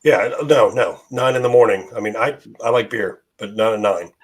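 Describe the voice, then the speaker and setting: A slightly low-voiced man chatting casually as a guest, his voice worn and hoarse. He rambles, full of fillers and restarts. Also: moderate pace, over a noisy crowd. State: losing his voice. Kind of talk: casual chat.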